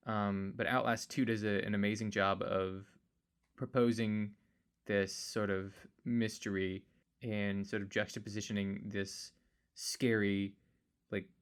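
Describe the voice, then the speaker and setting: A man's voice: fairly low pitch, fairly bright tone, clean tone. A man co-hosting a podcast in casual chat, rambling and searching for words as he talks through his thoughts. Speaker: podcast co-host.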